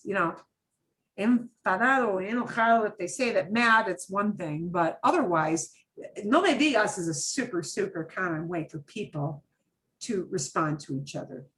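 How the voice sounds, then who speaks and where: A woman's voice: medium pitch, moderate pace, fairly bright tone. A middle-aged woman teaching a Spanish class, acting out example phrases with lots of expression. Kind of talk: online class lesson.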